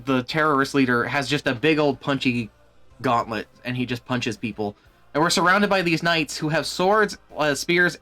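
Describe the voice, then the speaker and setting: A man streaming and chatting casually, in an animated, exasperated way with plenty of swearing. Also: on the high side. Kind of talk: casual chat.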